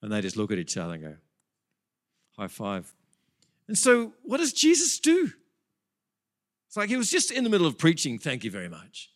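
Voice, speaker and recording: Lively, animated male preacher. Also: high voice, quick pace. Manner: animated storytelling, chatty asides. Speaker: pastor. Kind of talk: sermon.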